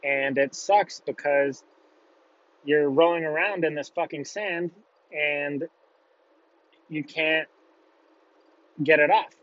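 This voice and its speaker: A young man with a fairly high voice tells a story casually and bluntly, swearing often. The recording is dull and lo-fi, with a dry, close sound. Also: takes it slowly, long pauses, fairly bright tone, no room sound.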